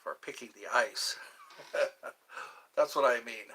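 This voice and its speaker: A man's voice: medium pitch, takes it slowly, pushed and bright. A man hosting a live stream, chatting in a rambling, playful way with viewers and saying he is a little tired. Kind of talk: casual live-stream chat.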